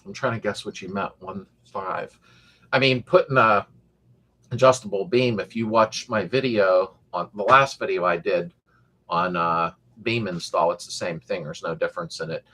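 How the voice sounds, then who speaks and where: A man's voice: low-pitched, normal speed, sharp tone, slightly rough. A middle-aged man hosting a casual live-stream chat, rambling and joking as he reads viewer comments aloud. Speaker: host of a car restoration channel live chat.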